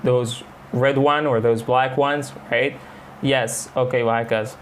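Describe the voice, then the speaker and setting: Man teaching English, slow then fast. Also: medium pitch, steady tone, slight background noise. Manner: switches between slow English example lines and fast Arabic explanations. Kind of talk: bilingual English lesson.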